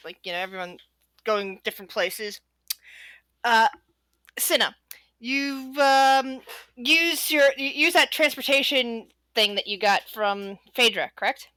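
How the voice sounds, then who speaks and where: A woman's voice: high-pitched, pushed and bright, no echo. A woman narrating as game master of a tabletop game, rambling with many restarts.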